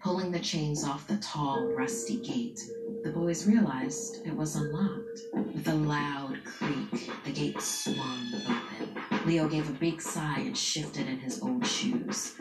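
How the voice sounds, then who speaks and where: A woman narrating a scary story in a hushed, dramatic way, with music playing behind her. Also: low voice, slow. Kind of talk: scripted spooky story narration. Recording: echoey room with music behind. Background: background music.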